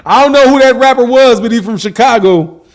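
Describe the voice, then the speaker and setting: Casual male host, higher voice, slangy, laughs a lot, chatty livestream. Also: fairly quick. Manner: laughs often, slangy, repeats "man". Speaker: boxing channel host. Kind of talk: casual livestream chat reading comments.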